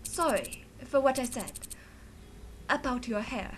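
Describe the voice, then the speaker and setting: A woman's voice: a little high, lively intonation, measured pace, a little hiss or hum, rough recording. A woman voicing a snobbish, rude schoolboy in a put-on British accent, pompous and wordy while reading a game aloud. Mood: mock-sincere. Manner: pompous, wordy, mock-formal. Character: snobbish rude male schoolboy, fake-posh. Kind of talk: let's play voice acting.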